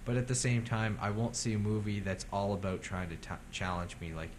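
A blunt man with a low voice airs strong opinions about movies in casual talk. A faint rumble sits under his speech. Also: flat delivery, fairly quick. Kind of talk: casual film debate.

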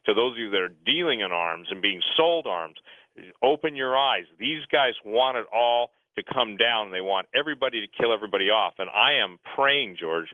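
Low-voiced man ranting over a phone line. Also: expressive, moderate pace, dry recording. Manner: rambling, restarts sentences, urgent. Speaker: radio show guest. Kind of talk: talk radio commentary. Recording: phone-line radio sound, dry.

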